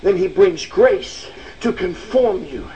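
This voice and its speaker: A man preaching a sermon with impassioned emphasis, often pushing his voice to a shout and dropping "uh" between phrases. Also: high-pitched, animated, slow, highs cut off. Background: faint congregation responses.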